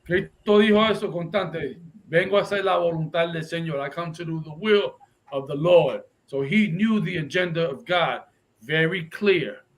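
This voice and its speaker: A man's voice: fairly high pitch, normal speed, rough recording. A man teaching a confrontational Bible lesson, pressing listeners with repeated "right?" and switching between English and Spanish. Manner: emphatic, keeps asking "right?" for agreement. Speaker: religious instructor.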